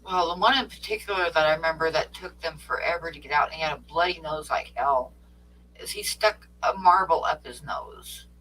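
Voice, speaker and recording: A man co-hosting a stream, chatting casually and telling relaxed family anecdotes. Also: a little high, a little fast, recorded from a distance, slight background noise, low-quality recording. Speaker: co-host. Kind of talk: casual chat.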